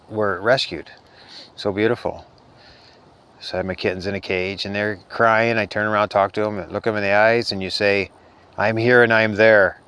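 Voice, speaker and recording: A man's voice: fairly low pitch, smooth. A man giving an earnest, rambling spiritual talk in a casual monologue, sounding a little tired. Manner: earnest, rambling, soft-spoken. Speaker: spiritual vlogger.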